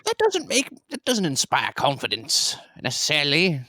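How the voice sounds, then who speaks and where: A man playing in a tabletop game, asking skeptical, quick questions in character. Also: on the high side, wildly swooping pitch, sharp tone, a little hiss or hum. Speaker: player.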